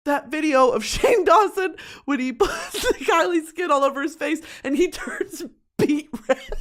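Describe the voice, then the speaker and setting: A woman's voice: high-pitched, normal speed, hardly any pauses. A young woman vlogging in a casual confessional rant, profane and dramatic, breaking into shrieks and comic voices.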